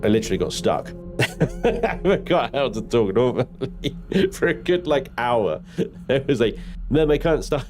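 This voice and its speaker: A man's voice: medium pitch, very animated, measured pace, a little mellow. A man commenting on a live space game stream, chatty and joking at his own expense. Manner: chatty, jokey, self-mocking.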